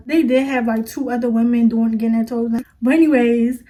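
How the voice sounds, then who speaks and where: A young woman with a high, bright voice tells a storytime to her viewers. She keeps it casual and chatty, full of fillers and slang, and talks to the audience as if they were friends. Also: steady tone, a little fast. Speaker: vlogger.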